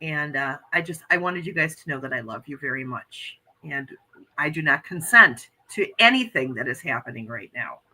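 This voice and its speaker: An American woman in middle age hosts a relaxed livestream, chatting earnestly and reading her viewers' comments aloud. Her voice is very bright and slightly low-pitched. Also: moderate pace, breathy edge, poor audio. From United States. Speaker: livestream host reading chat. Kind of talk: casual chat.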